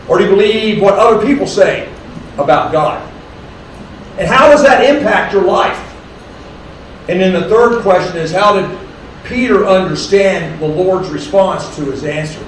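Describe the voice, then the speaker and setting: A man preaching a sermon, reading scripture slowly and deliberately, then explaining it to a congregation. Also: high voice, a bit bright, slight background noise. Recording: distant, very echoey room with faint ambience.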